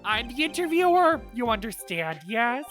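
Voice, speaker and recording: A woman voicing a smarmy, pushy male reporter in a game, loud and clownish in manner. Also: fairly high pitch, very animated, moderate pace, faint music behind. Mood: showy.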